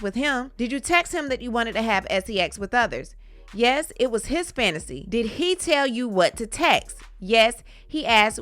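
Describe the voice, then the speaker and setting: Woman host reading out trial testimony fast, tossing in quick asides, crisp bright voice. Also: on the high side, no echo. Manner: brisk read-through with short reaction asides. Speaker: commentary channel host. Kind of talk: reading court testimony aloud.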